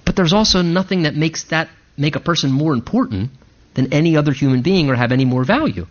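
A man preaching a sermon in an animated way, now and then acting out indignant voices. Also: fairly high pitch, quick pace, dull audio. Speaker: pastor.

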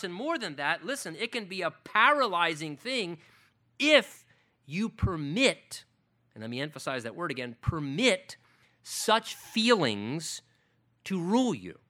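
A man delivers a sermon in a high, ringing voice with a very bright, forceful edge. He preaches earnestly, leaning hard on key words and climbing to emphatic peaks. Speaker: pastor.

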